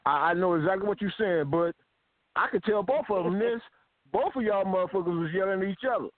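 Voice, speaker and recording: Slightly high guy breaking up a fight, blunt, dry phone-ish sound. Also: brisk, dry recording. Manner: calm mediator, blunt, profane. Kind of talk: casual chat. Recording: dry, tinny phone-like audio.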